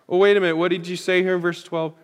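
A man preaching a sermon to his congregation, swinging from loud rhetorical questions to hushed, quiet lines. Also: high voice, little pitch movement, fast, clean tone. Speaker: pastor. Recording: hall reverb.

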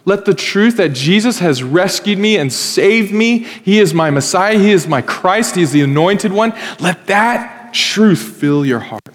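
Male pastor, fairly high-pitched, conversational storyteller preaching in a reverberant hall. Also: expressive, unhurried, few pauses. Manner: conversational storytelling, acts out quoted voices. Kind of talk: sermon. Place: church hall.

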